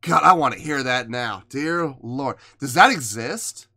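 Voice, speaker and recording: A man's voice: mid-range voice, animated, measured pace, pushed and bright. A man hosting a music reaction video, talking casually and with emotion, exclaiming, sighing and restarting his sentences as he thinks aloud.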